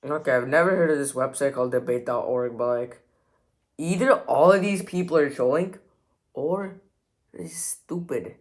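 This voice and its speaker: A man's voice: medium pitch, normal speed. A young man hosting a reaction video, mocking and exasperated, full of "like" fillers. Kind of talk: sarcastic reaction commentary.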